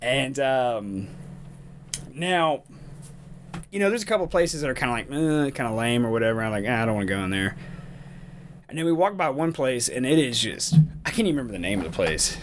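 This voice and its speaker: A man's voice: mid-range voice, animated, a little fast, long pauses, a little hiss or hum. A man co-hosting a podcast, telling a rambling, profane story in casual chat and laughing often. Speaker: podcast co-host.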